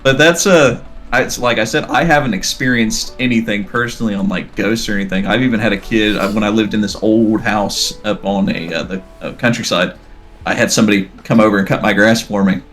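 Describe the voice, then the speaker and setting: A man's voice: on the low side, a little fast, fairly bright tone. Man rambling through a story. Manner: rambling anecdotal storytelling, reenacting dialogue. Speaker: podcast talker telling a story. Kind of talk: casual chat. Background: faint background music.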